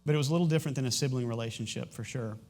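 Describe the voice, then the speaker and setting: A middle-aged pastor addresses his congregation from a church stage, with a voice of ordinary middle pitch for a man. He talks candidly and haltingly, restarting sentences as emotion presses in, plainly struggling to hold it together. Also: a little mellow. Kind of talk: sermon announcements and personal testimony. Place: church sanctuary.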